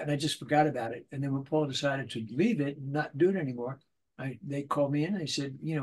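Husky, fairly quick, and on the high side, an older man talks as a voice actor guest in a laid-back interview. He's an animated storyteller who acts out small voices in his anecdotes.

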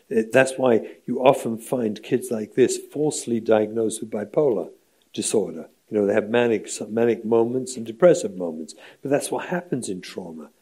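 A man's voice: medium pitch, lively intonation, moderate pace, darkish tone, breathy edge. A middle-aged man, a rabbi, giving a training lecture in an emphatic, rhetorical way, often checking in with "right?". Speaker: rabbi lecturing on parenting and education.

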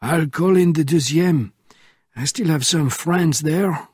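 A man reading an audiobook, voicing a gruff, irritated old intelligence veteran. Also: on the high side, slow, a little mellow, no room sound, clean studio sound, voice pushed up. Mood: insistent.

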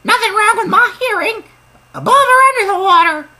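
Squeaky bird-like dolphin dude, super high and bright, talks fast and scattered. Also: male voice, full character voice. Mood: chatty. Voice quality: squeaky, birdlike. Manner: rambling, excitable. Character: chatty, hasty male dolphin.

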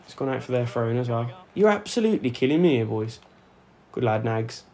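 A young man giving excitable, sweary commentary over a football video game, shouting at his players. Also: mid-range voice, fairly quick. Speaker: gaming YouTuber. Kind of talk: live gameplay commentary. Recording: faint music under voice.

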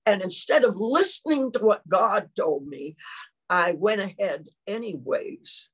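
Slow-talking older woman preacher. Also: lowish voice. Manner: animated storytelling with restarts and acted quotes. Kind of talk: sermon storytelling.

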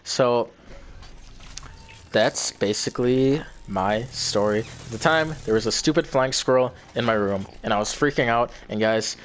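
A man's voice: medium pitch, a little slow, a little hiss or hum. Young man rambling through a story. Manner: rambling, swears often, repeats himself. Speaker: vlogger. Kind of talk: casual storytelling.

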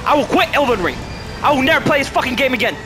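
A man giving loud, excitable let's-play commentary, swearing and swinging between low groans and yells. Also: fast talker, music in the background. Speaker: gaming YouTuber.

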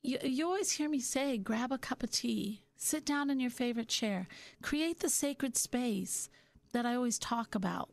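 A middle-aged woman speaks in a gentle, musing way as she hosts a self-help talk, easing her pace on the points that matter. Her voice sits a little high, and the recording is dry and close with no room sound. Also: moderate pace, no echo. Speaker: podcast host.

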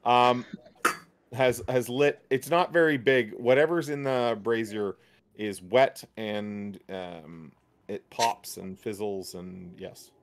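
A man running a tabletop game as game master, excitable and swearing when surprised. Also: fairly low pitch, slow pace, noisy background.

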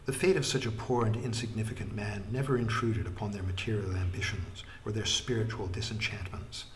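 Low-voiced male audiobook narrator. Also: steady tone, fairly quick, a little hiss or hum.

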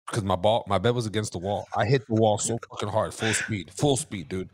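A man co-hosting a podcast, telling a story in a casual, animated way and swearing freely. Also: lowish voice, fairly quick, breathy edge, no room sound. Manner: animated, swearing, shouts when acting out scenes. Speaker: podcast co-host.

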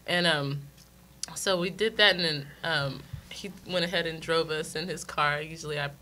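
A woman from Los Angeles, a guest on an interview show, telling a story casually and quoting others in a raised, animated voice. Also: deep voice, moderate pace. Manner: animated, quotes people in a raised voice, laughs often.

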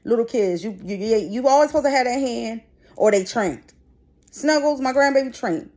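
A woman's voice: on the high side, lively intonation, normal speed, darkish tone. A middle-aged woman giving a casual tarot reading to her viewers, talking bluntly and chattily and swearing freely. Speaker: tarot reader. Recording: noisy background.

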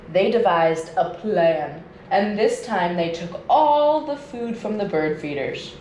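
Indoors at home, a female nature educator reads a children's picture book aloud slowly and expressively, her fairly high voice swinging lively in pitch. The room is echoey, with a faint hiss in the background.

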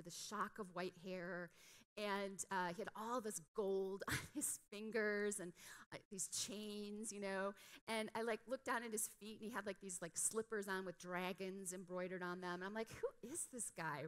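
Brief: middle-aged woman preacher, chatty storyteller, bright forward tone. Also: mid-range voice, smooth. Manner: chatty, frequent "like" and "you know", self-deprecating. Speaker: guest preacher. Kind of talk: conversational sermon storytelling. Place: church sanctuary.

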